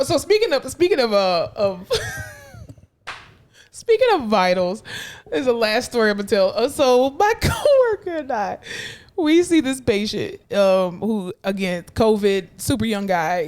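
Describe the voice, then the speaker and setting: A woman co-hosting a casual podcast, a hospital clinician telling blunt, animated work stories full of acted-out quotes. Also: medium pitch, unhurried. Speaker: podcast co-host. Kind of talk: casual chat.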